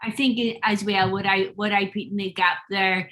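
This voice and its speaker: A woman leads a workshop over a video call, her pitch sitting in an ordinary middle register. She speaks earnestly and encouragingly, as if from the heart, coaching her listeners through their next step. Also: level tone, normal speed, sharp tone. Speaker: workshop facilitator. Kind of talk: online workshop talk.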